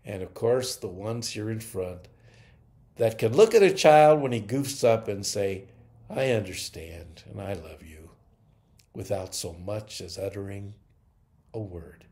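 A man voicing God as a tireless, proud and gentle creator while reading a story aloud, in an earnest, measured way. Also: fairly low pitch, expressive, voice pushed down. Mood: tender.

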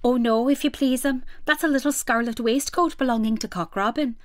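A woman's voice: a little high, fairly quick, no echo, clean studio sound, natural voice. A woman voicing an anxious, stout little hedgehog washerwoman who speaks in a humble, fussy, polite country way, read aloud from a storybook.

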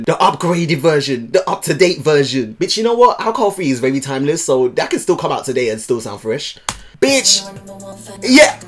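A man hosting a music video reaction, loud and excitable, swearing and jumping into high squeals. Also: a little hiss or hum. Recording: music playing behind.

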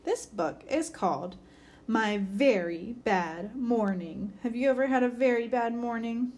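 Woman teacher, children's reading lesson, encouraging, upbeat, slightly high voice. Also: unhurried, a little mellow.

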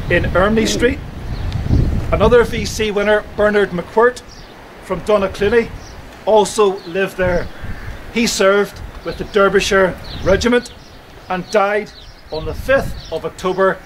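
Slow, solemn man outdoors. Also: sits high, rough recording. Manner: measured, solemn delivery. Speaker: memorial service speaker. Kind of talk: commemorative historical address. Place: outdoors at a churchyard. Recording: outdoor recording with faint ambient noise.

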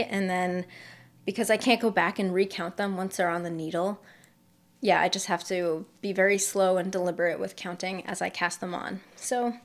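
Young woman, mild Massachusetts accent, easygoing host chatting through her crafts. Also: medium pitch. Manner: chatty, laughs lightly, thinks aloud while showing work. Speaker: knitting podcast host. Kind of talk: casual show-and-tell chat.

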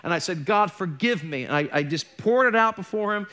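A man's voice: high-pitched, expressive, fairly quick, pushed and bright, clean tone. A middle-aged man preaching a sermon as a pastor, candid and conversational, with joking asides. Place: church.

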